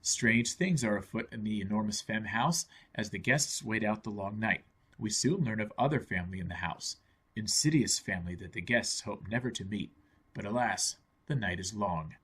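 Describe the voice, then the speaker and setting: Husky guy reading his movie review, earnest and explaining stuff. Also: fairly low pitch, moderate pace, a bit bright. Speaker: film reviewer. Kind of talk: scripted review narration.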